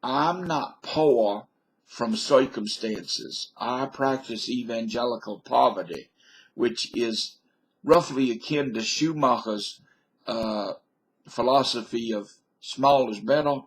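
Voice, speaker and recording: Husky older man. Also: mid-range voice, slow. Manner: folksy, digressive, wisecracking. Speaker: vlogger. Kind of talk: rambling monologue to camera. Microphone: webcam.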